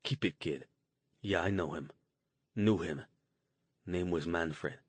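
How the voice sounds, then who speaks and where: A man voicing a gruff, hard-bitten male street outcast who talks blunt and crude in slang. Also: sits low, slow pace, no room sound, pitched below the performer's own voice, heavily acted. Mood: grim.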